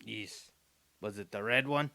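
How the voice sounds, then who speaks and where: A man co-hosting a podcast who talks quietly, with low energy, and mostly agrees and asks short questions, speaking close to a studio mic with a pop screen. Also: a little slow, gravelly, no room sound. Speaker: podcast co-host. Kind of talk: casual podcast chat.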